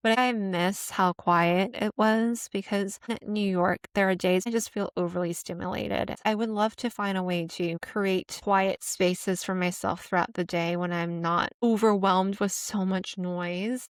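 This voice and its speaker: A young American woman, soft-spoken and conversational, talking through her thoughts in a casual vlog from her apartment. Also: medium pitch, steady tone, unhurried, few pauses, clean tone, dry recording, studio quality. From United States. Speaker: vlogger. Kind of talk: casual reflective monologue. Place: apartment room.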